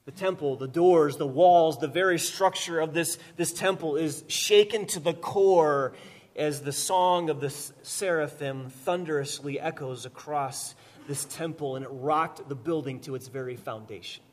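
A man preaching a sermon, swinging from loud emphatic repetition to quiet, slow lines, with touches of gentle humor. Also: a little high. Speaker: pastor.

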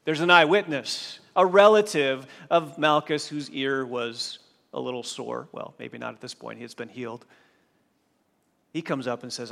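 Guy preaching a sermon, goes quiet then loud, middle pitch, echoey church hall. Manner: dramatic swings from hushed to loud, emphatic pauses. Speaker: pastor.

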